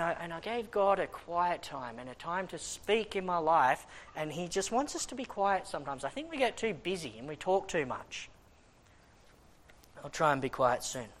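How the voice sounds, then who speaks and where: A man preaching a sermon and reading scripture, telling personal stories with lots of restarts. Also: on the high side. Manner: animated storytelling with many restarts; reads scripture in a raised, deliberate voice. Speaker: preacher and schoolteacher.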